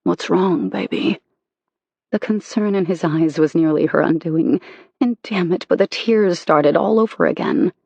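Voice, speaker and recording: An audiobook narrator reading a romance novel in an intimate, measured way. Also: mid-range voice, creaky, darkish tone, no room sound, dull audio.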